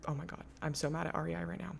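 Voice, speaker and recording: A young woman with a low-pitched voice hosts her own podcast, talking through listener letters. She speaks candidly and emphatically, swearing freely in a loose, chatty way. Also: steady tone, rapid-fire, gravelly, slightly rough. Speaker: podcast host. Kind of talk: casual chat, reading listener letters.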